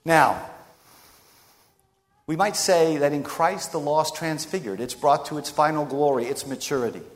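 A man preaching a sermon in an emphatic, rhetorical way with dramatic pauses. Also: a little high. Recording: long reverb of a large hall.

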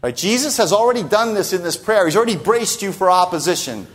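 A male preacher delivers a sermon with emphatic stresses and frequent rhetorical asides. His voice sits a little high and swings widely in pitch. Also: expressive, fast, a bit bright.

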